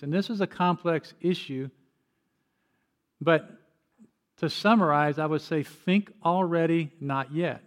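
A man's voice: fairly high pitch, unhurried, pauses often. An older man preaching a sermon as pastor, telling personal stories in an earnest way with frequent restarts.

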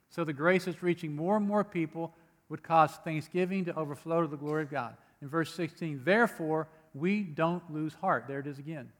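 A man's voice: a little high, normal speed, fairly bright tone. A man preaching a sermon, earnest and emphatic, with occasional light humor between readings. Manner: earnest, emphatic preaching with rising bursts on key phrases. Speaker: pastor. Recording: long hall reverb.

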